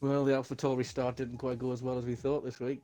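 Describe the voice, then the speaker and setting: A man tells the story of his race at a quick clip, brisk and self-deprecating. His voice sits at a middle pitch. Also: little pitch movement, dark tone, faint music behind. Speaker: sim racing driver being interviewed. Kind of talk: casual post-race chat.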